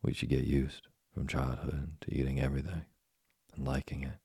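A gentle, patient old woodcarver, voiced by a man reading a storybook. His voice is very deep and dark, with a husky rasp. The sound is dry and close. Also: little pitch movement, moderate pace, no room sound, heavily acted. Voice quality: gravelly, husky.

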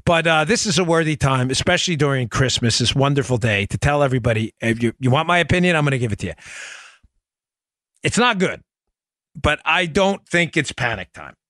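A man hosting a radio talk show, animated and jokey, with quick asides to his producer. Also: fairly high pitch, no echo. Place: home studio in Florida.

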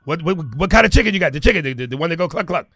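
Casting: man as a loud, insistent prank caller who stammers through his order, gravelly edge. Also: a little high, animated, very fast, full character voice. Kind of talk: prank phone call.

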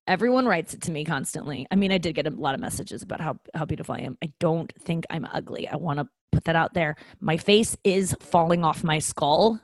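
A woman's voice: low-pitched, fairly quick, hardly any pauses, no echo. A woman in her thirties, a comedian hosting her own show, talking candidly and self-deprecatingly with swearing and frequent ums. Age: 30s. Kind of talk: casual comedic monologue.

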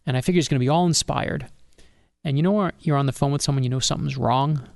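Gravelly-voiced man telling a story. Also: medium pitch, fast talker, dry recording, clean studio sound. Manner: animated storyteller, acts out dialogue. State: getting emotional. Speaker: author and guest. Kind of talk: storytelling in an interview.

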